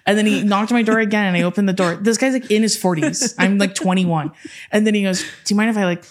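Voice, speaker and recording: Fast-talking young woman telling stories. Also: medium pitch. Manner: fast, animated, swearing, laughing storyteller. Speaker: podcast co-host. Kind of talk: casual chat, storytelling.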